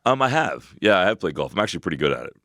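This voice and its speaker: Very deep-voiced, fast-talking man. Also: sing-song, no echo, clean studio sound. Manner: laughs loudly, talks fast with restarts. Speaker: podcast co-host. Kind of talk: casual chat, fitness advice.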